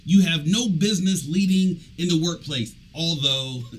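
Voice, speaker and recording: A man's voice: a little high, normal speed, poor audio. A man hosting a radio talk show as an executive coach, talking casually and animatedly, often trailing off and restarting. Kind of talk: casual conversational interview.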